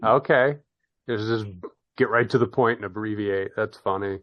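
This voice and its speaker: An American podcast host with a lowish voice and normal pace conducts a casual interview, heard through dull audio. He chats loosely, restarting often and laughing frequently.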